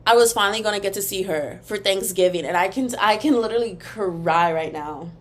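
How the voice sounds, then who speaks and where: A young woman hosting a casual solo podcast, ranting in an animated, emphatic, rambling way, and now and then breaking into a taunting sing-song chant. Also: medium pitch, a little fast. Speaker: podcast host.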